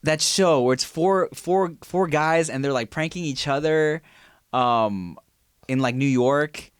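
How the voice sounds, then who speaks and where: A man in his thirties co-hosting a casual podcast, telling stories with loud laughing outbursts. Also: on the high side, slow, clear, resonant tone, no echo, studio quality. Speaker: podcast co-host. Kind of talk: casual chat.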